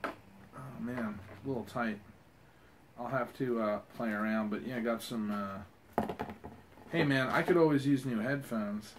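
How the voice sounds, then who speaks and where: A young adult man giving casual unboxing commentary, rambling with lots of fillers and excited swearing. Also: mid-range voice, takes it slowly, long pauses, background noise. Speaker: vlogger unboxing a fan package.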